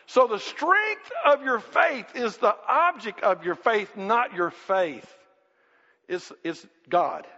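A high-pitched man preaches with animated emphasis, acting out voices and rising to shouts. His voice carries a long reverb through a hall. The recording sounds dull and lo-fi. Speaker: pastor. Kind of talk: sermon. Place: church.

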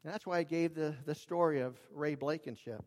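A man preaching a sermon, earnest and emphatic, dropping his voice low and raising it for emphasis. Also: a little fast, a little mellow. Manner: earnest, emphatic, varies volume for drama. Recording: long reverb of a large hall.

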